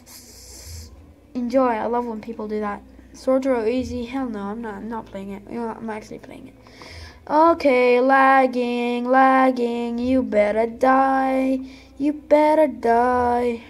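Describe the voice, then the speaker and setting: A woman's voice: fairly high pitch, steady tone, measured pace, soft background music. A woman giving casual, playful gameplay commentary with dramatic outbursts at the game. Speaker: gaming channel host.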